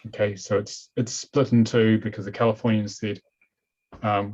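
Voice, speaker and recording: Man, New Zealand accent, low voice, husky, relaxed webinar host, lo-fi call audio. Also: moderate pace. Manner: relaxed, chatty, says "okay" a lot. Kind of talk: casual webinar talk. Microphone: computer mic on a video call. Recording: dull lo-fi video call audio.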